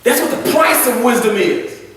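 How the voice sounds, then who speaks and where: A man's voice: extremely high pitch, sing-song, normal speed, fairly bright tone. A man teaching a Sunday school Bible lesson as a deacon, in a folksy way, laughing often and repeating words. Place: church. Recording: echoey church room from far off.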